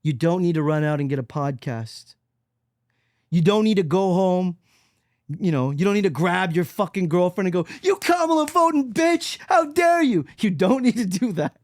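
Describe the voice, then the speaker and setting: A man's voice: normal speed, dry recording. Preachy man ranting on a dry mic. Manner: swings from loud mockery to low, quiet intensity. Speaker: podcast host. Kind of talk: solo podcast monologue.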